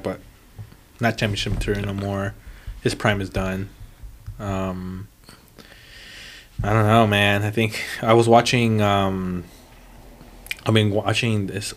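A man with a lowish voice hosts a laid-back sports podcast. He rambles along in loose, casual chat, full of fillers and false starts. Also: a bit bright, slight background noise. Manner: rambling, many fillers and restarts. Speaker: podcast host.

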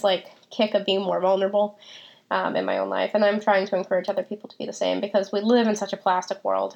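A woman's voice: mid-range voice, vocal fry, lo-fi sound. A woman hosting a faith podcast, talking reflectively and personally about scripture and her own struggles, with frequent ums and restarts. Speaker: podcast host.

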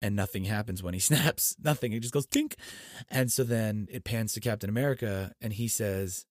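A man excitedly retelling a film scene by scene in casual, profane talk, his voice swinging from hushed to shouting. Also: fairly low pitch, moderate pace, dry recording, studio quality. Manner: animated, profane storyteller with big swings in loudness. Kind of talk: excited casual movie recap.

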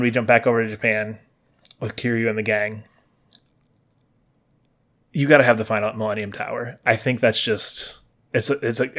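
A man giving a casual spoiler recap of a video game, talking loosely with lots of likes and restarts and jumping into quick voices for the characters. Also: lowish voice. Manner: acts out characters' lines in lively voices.

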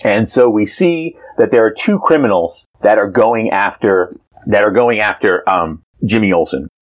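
A playful man co-hosting a podcast and teasing his partner as he recaps a comic. His voice sits slightly low, and his casual talk is full of hesitations. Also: normal speed. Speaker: podcast co-host.

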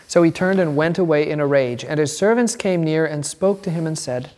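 Male catechism teacher, lively and chatty, quizzing the class, in a reverberant room. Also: a little high, brisk, hardly any pauses. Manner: animated, chatty, asks the class questions and laughs. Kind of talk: bible class lesson.

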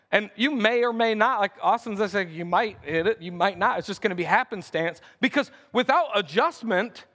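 A man's voice: extremely high pitch, a bit bright. A man preaching a sermon as pastor, reading scripture verses aloud and building in intensity as he speaks. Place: church sanctuary. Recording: long reverb of a church hall.

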